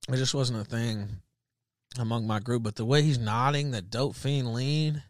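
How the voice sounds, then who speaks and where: A man's voice: medium pitch, fairly even intonation, normal speed, noisy background. A man hosting a live stream, mocking a clip with crude, sardonic commentary. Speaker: stream host reacting to clips.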